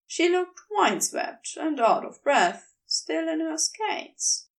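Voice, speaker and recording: Slow, expressive woman narrator. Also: extremely high pitch, creaky, recorded from a distance. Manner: unhurried, expressive reading. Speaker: podfic reader. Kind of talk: storybook narration.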